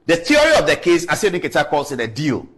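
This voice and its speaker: A man's voice: on the high side, wildly swooping pitch, quick pace, fairly bright tone. A man with a Ghanaian accent, hosting an evening television show and giving emphatic commentary while reading out messages. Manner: emphatic, rising into exclamations. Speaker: news show host. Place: television studio.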